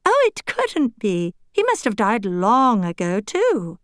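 An earnest young girl doll from a storybook, exclaiming in a slightly raised, lively voice, put on by a woman reading aloud. Her speech is slow and sing-song, recorded close and dry. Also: on the high side, no echo, full character voice.

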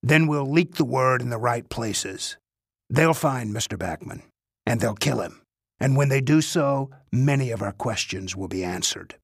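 A man voicing an old, frail male spy chief who speaks slowly, coldly and in clipped phrases. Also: mid-range voice, lively intonation, gravelly, slightly rough, dry recording, clean studio sound, full character voice. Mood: coldly calculating.

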